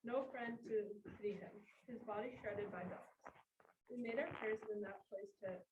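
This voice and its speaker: Woman reading a grave messenger, plain steady read-aloud, classroom play reading, echoey room, distant mic. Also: mid-range voice, moderate pace, muffled recording, background noise, close to an everyday voice. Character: messenger telling a queen grim news. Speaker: student reader.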